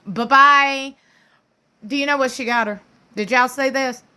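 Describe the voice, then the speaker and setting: A woman's voice: high-pitched, steady tone, fairly quick, pushed and bright. A woman, casually recapping a reality show in a sassy, gossipy way full of slang and playful impressions.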